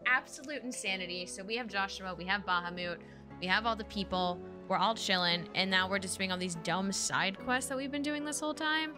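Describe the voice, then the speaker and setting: A young adult woman streamer giving an excited, rambling casual recap of a game. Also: medium pitch, brisk. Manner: excited, rambling retelling with fillers. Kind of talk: casual let's-play recap. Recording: stream with game music behind.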